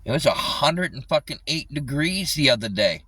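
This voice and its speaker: Man, livestreamer, furious rant, heavy swearing, bright tense tone, dry sound a bit off the phone mic. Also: mid-range voice, sing-song, normal speed, slightly rough, dry recording, recorded from a distance, low-quality recording. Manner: angry, swearing constantly, repeats himself. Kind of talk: ranting live stream.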